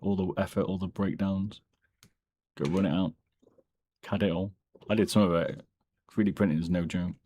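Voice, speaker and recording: A man with a deep, low voice talks through a casual live stream at home. He sounds relaxed and rambling, drifting between topics as he answers chat. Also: moderate pace. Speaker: streamer and mouse modder.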